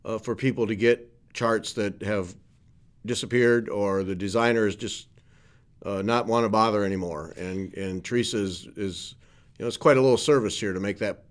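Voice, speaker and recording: A man's voice: lowish voice, fairly even intonation, normal speed. A man co-hosting a casual live chat, easygoing and agreeable. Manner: easygoing, agreeable, hesitant fillers. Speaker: co-host.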